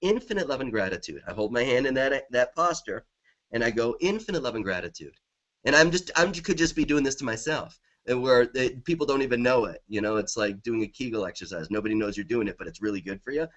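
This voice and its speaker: A man's voice: mid-range voice, fast talker, fairly bright tone, highs cut off. Enthusiastic middle-aged man explaining. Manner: enthusiastic, repetitive affirmations. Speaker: guest author. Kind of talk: conversational interview.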